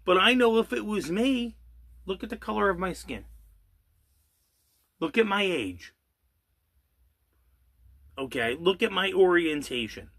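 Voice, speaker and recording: Guy ranting slow and sarcastic, bright voice that jumps all over in pitch. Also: lively intonation, creaky. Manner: angry, sarcastic rant with rhetorical questions and swearing; drawls some words slowly for emphasis. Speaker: channel host. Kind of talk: ranting monologue.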